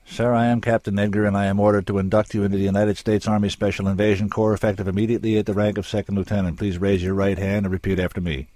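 A man's voice: on the low side, level tone, fast talker, hardly any pauses, dark tone, no echo, pitched above the performer's own voice, lightly acted. A man voicing a formal, middle-aged army captain who gives curt, commanding orders. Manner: clipped, commanding military delivery.

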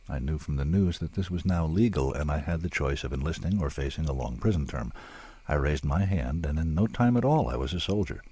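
A man narrating a story in a measured, dramatic way, with drawn-out pauses. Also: very deep voice, lively intonation, warm tone, slightly rough, no echo.

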